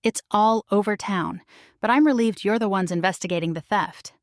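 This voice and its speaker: A woman's voice: medium pitch, moderate pace, no room sound, clean studio sound, close to an everyday voice. A woman voicing an effusive older woman innkeeper who gushes and calls everyone darling. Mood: gushing. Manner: gushing, calls people darling.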